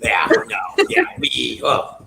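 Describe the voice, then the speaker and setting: A man co-hosting a casual horror podcast, talking loosely and rambling, with frequent swearing. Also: slow pace. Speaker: podcast co-host. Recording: echoey room with background noise.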